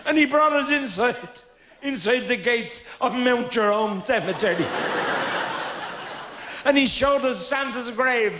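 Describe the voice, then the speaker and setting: A man's voice: very high voice, a little slow, pauses often, heavy background noise. A middle-aged man with a Dublin Irish accent telling stand-up stories, acting out the characters in his own voice. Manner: lively storyteller, acts out characters in his own voice. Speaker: comedian. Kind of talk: stand-up storytelling. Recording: dull lo-fi live recording.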